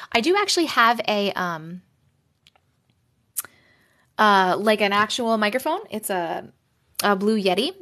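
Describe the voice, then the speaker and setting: A woman's voice: medium pitch, lively intonation, slow pace, long pauses, a bit bright. A woman with a Long Island accent hosting a live stream, chatting casually and reading viewer stories into a phone mic held close or clipped to her shirt. She is blunt and chatty and swears freely. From Long Island, New York.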